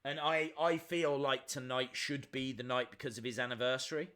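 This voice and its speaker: A man's voice: mid-range voice, fairly even intonation, moderate pace, a bit bright, clean tone. A man hosting a live reaction stream, chatting and answering viewer questions as they come in.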